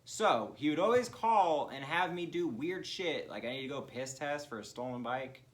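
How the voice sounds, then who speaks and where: A man, co-hosting a comedy podcast and telling profane, laughing childhood stories. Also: moderate pace. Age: 20s. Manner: profane, laughing, drops into low flat voice to quote others. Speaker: podcast co-host. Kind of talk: casual comedic storytelling.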